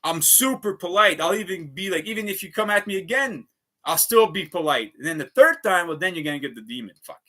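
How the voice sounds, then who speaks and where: A vlogger rants heatedly on a casual livestream, swearing often and repeating himself. His voice sits high, pushed and bright, with lively intonation and a brisk pace.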